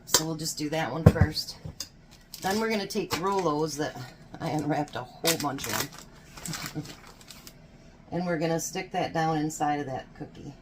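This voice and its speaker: A woman's voice: low voice, unhurried, long pauses, very noisy. A woman in her fifties chatting casually while baking in her kitchen, telling stories and laughing often. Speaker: home baking vlogger.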